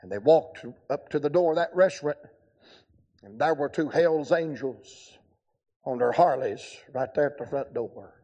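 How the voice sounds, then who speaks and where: A man's voice: mid-range voice, expressive, a little slow, warm tone. An older man preaching a revival sermon, telling folksy stories with humor. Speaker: evangelist preacher.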